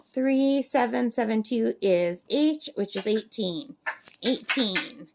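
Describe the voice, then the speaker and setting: A woman with a slightly high voice chats loosely through a crafting vlog, drifting from her work to everyday stories. She reads numbers aloud as she works, and a faint hiss sits under the recording. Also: expressive, slow. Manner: chatty and rambling, reads numbers aloud while working. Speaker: crafting vlogger. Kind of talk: casual chatty crafting vlog. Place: at her summer camp with a talking parrot.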